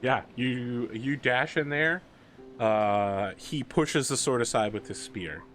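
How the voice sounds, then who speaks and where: A man's voice: medium pitch, fairly bright tone, faint music behind. Man running a tabletop game. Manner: describes actions in quick, halting bursts with fillers. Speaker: game master.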